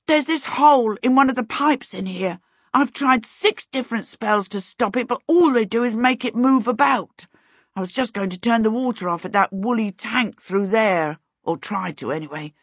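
A woman's voice: on the high side, moderate pace, husky, no room sound, lo-fi sound, pitched above the performer's own voice. A woman voicing a harassed young boy who chatters eagerly.

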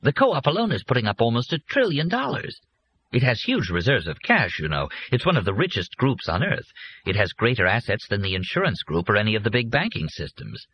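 A man voicing a calm, confident older businessman who explains his land deal to his son in a persuasive, matter-of-fact way. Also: medium pitch, fairly quick, a little hiss or hum, pitched above the performer's own voice. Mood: eager. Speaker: father. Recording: muffled lo-fi recording.

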